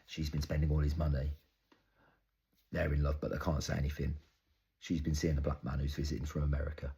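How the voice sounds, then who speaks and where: A young man performing an intense, halting, improvised dramatic monologue. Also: rumbling low, flat delivery, creaky, dark tone, breathy edge. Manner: intense, halting, storytelling with heavy swearing. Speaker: actor.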